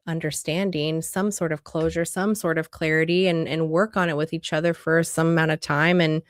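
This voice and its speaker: A woman's voice: on the low side, no room sound, clean studio sound. A woman relationship coach giving an earnest, conversational livestream talk full of rhetorical questions.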